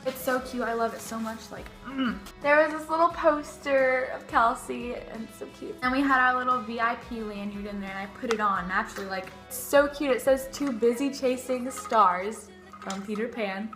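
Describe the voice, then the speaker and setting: A teenage girl, excitedly telling a story in her vlog, gushing and full of "like". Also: a little high, normal speed, roomy sound, soft background music. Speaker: vlogger.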